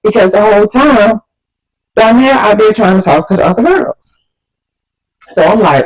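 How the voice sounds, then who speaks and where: A woman vlogger telling a story casually, animated and slangy, acting out the people she quotes. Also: mid-range voice, normal speed, long pauses, poor audio.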